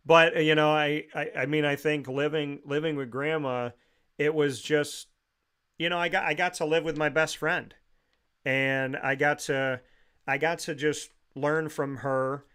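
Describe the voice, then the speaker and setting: A man's voice: on the high side, steady tone, a little slow, a bit bright, clear, resonant tone. A man hosting a talk show, telling heartfelt family memories in a rambling way with frequent restarts.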